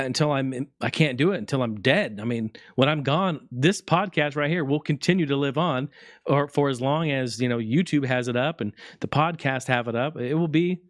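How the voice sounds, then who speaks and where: A man's voice: mid-range voice, no echo. Man, podcast host, casual rambling talk, heartfelt, swears freely, dry recording.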